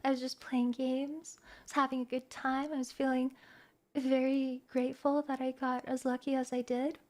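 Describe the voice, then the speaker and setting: A woman streamer talks to her viewers in a soft, reflective way. Her voice sits high. She hesitates and restarts her phrases often. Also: flat delivery, normal speed. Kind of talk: personal talk to viewers.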